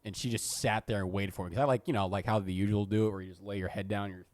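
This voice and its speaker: A man's voice: lowish voice, fairly even intonation, rapid-fire, a little mellow, no echo. A young man co-hosting a podcast, telling rambling, self-mocking school stories and swearing freely. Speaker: podcast co-host. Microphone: podcast studio mic.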